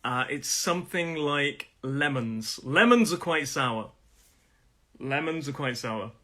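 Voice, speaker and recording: A middle-aged man teaching English pronunciation on a live stream, friendly and repeating each word slowly to show the stress. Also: a little high, lively intonation, sharp tone.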